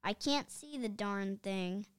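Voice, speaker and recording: Grumpy, gruff middle-aged principal read by a woman, slow, clear storybook delivery. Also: mid-range voice, close to an everyday voice.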